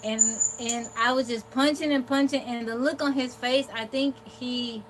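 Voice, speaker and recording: A woman's voice: fairly high pitch, steady tone, moderate pace. A woman hosting a livestream, casually telling a personal story in a rambling, candid way and quoting what people said. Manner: candid, rambling, quotes herself and others. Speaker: livestream host. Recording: noisy background.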